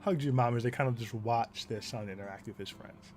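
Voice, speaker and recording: A man narrating as game master of a tabletop game, animated and often laughing. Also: medium pitch, brisk, soft background music.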